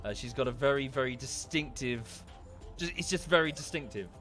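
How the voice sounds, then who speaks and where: A man with an Estuary English accent talks loosely over his gameplay, thanking viewers and musing as he works. His voice sits at a middling pitch, with faint game music beneath it. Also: lively intonation, fairly quick, fairly bright tone. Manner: chatty, thanks viewers by name, thinks aloud with restarts. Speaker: streamer. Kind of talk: casual gameplay commentary.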